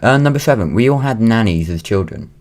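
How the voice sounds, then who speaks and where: Speaking a bit fast and with animation, a late-teen Welsh vlogger with a British accent has a lowish, darkish voice. At home, he wanders through a casual monologue, stumbling with ums and restarts.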